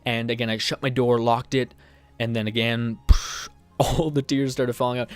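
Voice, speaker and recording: A young man speaks to his viewers in a confessional vlog, halting and restarting as he circles back over his words. His voice sits at an ordinary middle pitch. Faint music plays softly behind him. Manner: rambling, halting, many restarts and fillers. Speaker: vlogger.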